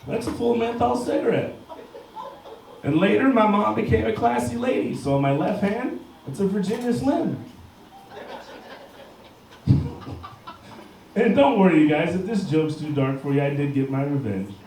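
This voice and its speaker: A man in his thirties works a bar crowd with crude, punchy stand-up and shouts his punchlines. His voice sits a bit high for a man. It comes from far off the mic and rings with heavy bar room echo over faint noise. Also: expressive, normal speed, creaky, pauses often. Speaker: stand-up comedian. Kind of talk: stand-up set. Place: bar stage before a live crowd.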